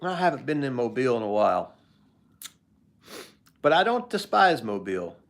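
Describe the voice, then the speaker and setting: A man's voice: medium pitch, sing-song, moderate pace. An older man hosting a live stream, chatting casually with viewers in a rambling, joking way.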